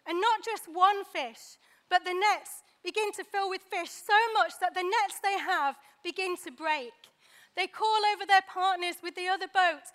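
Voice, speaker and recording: A woman preaching a sermon, pausing for effect and acting out the lines she quotes. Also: very high-pitched, fairly bright tone. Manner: dramatic pauses, acts out quoted dialogue.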